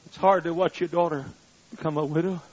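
An older man preaching a sermon, swinging between loud shouted appeals and quiet storytelling. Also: fairly high pitch, steady tone, a little fast. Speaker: pastor. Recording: muffled, lo-fi.

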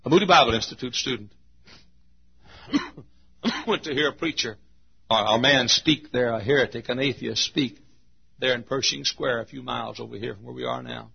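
A man preaching a sermon at a church service, booming into shouts and then dropping to a hush. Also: moderate pace, creaky, long pauses, breathy edge, muffled recording. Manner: swings from loud shouted quotes to hushed low asides.

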